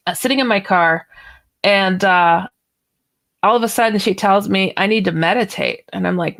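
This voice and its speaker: On a radio interview, a woman author recounts a personal story, animatedly acting out each line of dialogue. She has a mid-range voice with vocal fry and talks at normal speed.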